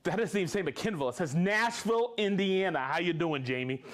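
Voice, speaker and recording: Live stream host, male, upbeat reader of viewer shout-outs, high lively voice. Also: brisk. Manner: upbeat, reads viewer names and places, jokes and laughs. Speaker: livestream host.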